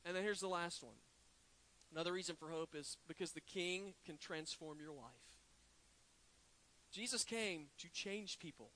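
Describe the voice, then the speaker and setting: High, bright-voiced preacher man. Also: slight background noise, low-quality recording. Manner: preaching with dramatic drops to a hush and slow emphatic words. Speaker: pastor. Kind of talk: sermon.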